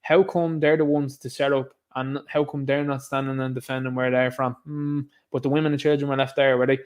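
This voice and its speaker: A man's voice: medium pitch, flat delivery, brisk, clear, resonant tone. A man with an Irish accent giving solo commentary to camera, sarcastic and scoffing in tone. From Ireland. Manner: sarcastic, scoffing, mocks others in put-on voices. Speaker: online commentator.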